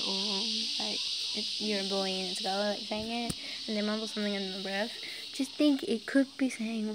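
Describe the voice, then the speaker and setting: A woman's voice: medium pitch, fairly quick, heavy background noise. A woman casually reading fan fiction aloud, chatty and giggly, breaking off for side comments.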